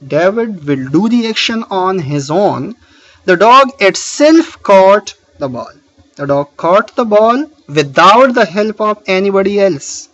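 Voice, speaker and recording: Man, teacher, high voice, animated pitch, muffled recording, explaining grammar, patient, many fillers. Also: slow pace. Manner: patient, repeats questions and answers them himself; frequent filler "uh" while explaining.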